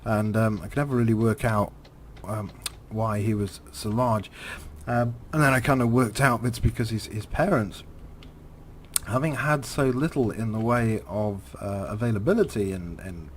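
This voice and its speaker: A man whose voice sits on the low side covers a driving game while spinning a rambling tale, halting and chuckling, with many fillers and repeated words. There's a slight hiss or hum on the recording.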